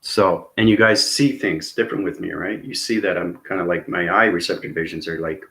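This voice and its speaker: A man with a lowish voice talks straight to his viewers in a long, rambling vlog monologue. He is intense and earnest, and he keeps tagging his sentences with "okay?" and "right?" to check that they are following. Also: fairly quick, gravelly, few pauses, a bit bright. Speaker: spiritual vlogger.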